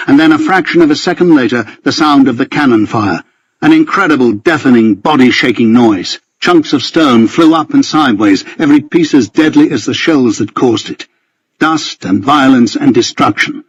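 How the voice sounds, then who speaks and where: Husky male audiobook narrator. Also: medium pitch, normal speed, no echo, highs cut off. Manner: tense, vivid storytelling. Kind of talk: first-person scripted narration.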